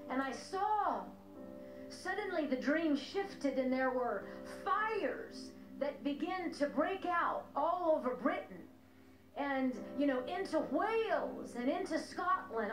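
A woman minister unhurriedly recounts a prophetic dream, her voice high and swooping. She speaks solemnly and repeats key lines for emphasis. An echoey room carries her voice over clear music.

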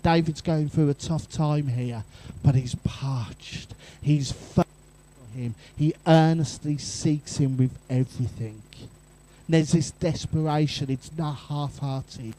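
A man's voice: a little high, takes it slowly, rough recording. A man preaching a sermon in church, telling family stories and asking the congregation along. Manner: lively storytelling with asides to the congregation. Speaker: pastor.

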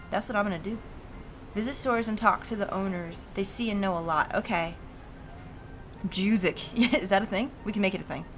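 Casually commentating while she streams a game, a woman voices the game's dialogue, curses freely and laughs often. Her voice is medium in pitch and a bit bright.

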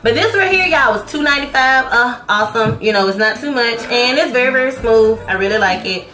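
Sassy mom in an echoey kitchen. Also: female voice, on the high side, animated, brisk, bright, forceful tone. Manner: sassy, teasing, scolding kids between price talk. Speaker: family vlogger. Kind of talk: casual grocery haul vlog. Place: home kitchen with children around. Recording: echoey kitchen, music underneath.

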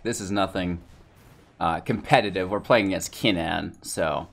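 A man's voice: low voice, moderate pace, creaky, fairly bright tone. A man giving casual gameplay commentary and a rambling channel outro, tired and a bit out of breath, with lots of fillers. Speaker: gaming YouTuber and streamer.

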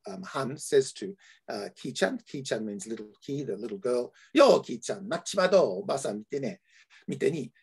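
A man with an Australian accent giving an academic lecture, halting with frequent fillers and restarts. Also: mid-range voice, vocal fry, a little mellow, husky.

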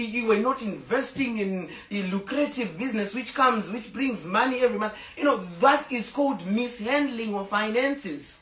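A woman's voice: fairly high pitch, fairly bright tone, roomy sound, distant mic, lo-fi sound, slight background noise. A woman speaking to her fans in a casual, emotional and rambling live video from home, stopping now and then to tell her dogs to sit down. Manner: talks to fans, stops to scold her dogs. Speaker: social media personality. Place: home with a fireplace.

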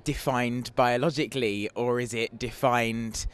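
A man's voice: mid-range voice, fairly even intonation, unhurried, smooth. A man musing aloud in an interview, wry and questioning. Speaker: student interviewee. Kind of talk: street vox pop answer.

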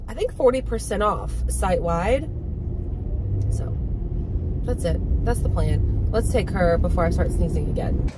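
A woman chatting casually to the camera for her vlog, thinking aloud and dropping into soft asides. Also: on the high side, animated, fairly quick, noisy background. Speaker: vlogger.

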